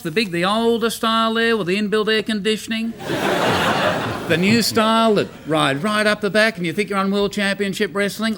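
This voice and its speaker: A man's voice: sits high, lively intonation, a little fast, fairly bright tone, a little hiss or hum. An Australian man hosting a live comedy show and telling jokes, chuckling as he goes. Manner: jokey, laughing storyteller. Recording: live studio audience behind.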